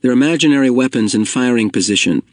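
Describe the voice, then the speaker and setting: A man reading a story aloud in steady, measured scripted narration. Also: mid-range voice, no room sound, studio quality. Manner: steady, measured reading, slowing at heavy moments. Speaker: audiobook narrator.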